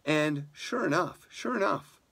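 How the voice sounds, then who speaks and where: A man leading a spiritual community, telling a fable in a meditation talk, soft-spoken and unhurried. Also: on the high side, lively intonation, creaky, breathy edge.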